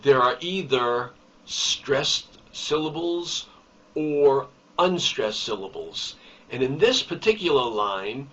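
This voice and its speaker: A man teaching a recorded poetry lesson, explaining terms slowly and deliberately and stressing key words. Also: medium pitch, bright, forceful tone. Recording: distant, dull lo-fi recording.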